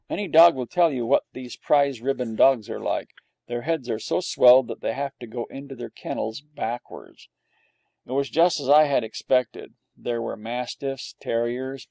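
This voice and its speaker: Brief: male audiobook narrator, mellow and gravelly, wry dry humor. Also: medium pitch, no room sound, highs cut off. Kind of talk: storybook narration as a dog.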